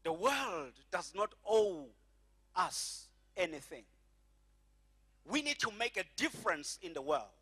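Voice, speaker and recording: A middle-aged man preaching with a high, ringing voice. He leans on key phrases, drawing them out slowly and calling the congregation to say them back. His tone is bright and forceful from the pulpit. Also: very animated, husky. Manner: emphatic preaching, slows and stretches key phrases, has congregation repeat after him. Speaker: pastor. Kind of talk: sermon.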